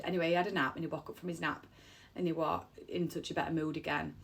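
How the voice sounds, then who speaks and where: Speaking fast with few pauses, this woman has a low-pitched, creaky voice with a breathy edge and little pitch movement. She is an emotional mother of three on the brink of tears, telling a personal story in a heartfelt, rambling way and repeating herself.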